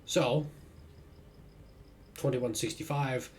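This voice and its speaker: A man's voice: mid-range voice, fairly even intonation, very slow. A man casually commenting while playing a video game, rambling and correcting himself as he goes. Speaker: let's-play host. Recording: faint background noise.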